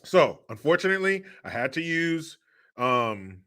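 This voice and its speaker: A man's voice: fairly high pitch, big pitch swings, measured pace, bright, forceful tone, smooth. A man hosting a casual livestream, reading out viewer donations with joking, sarcastic remarks and frequent laughter.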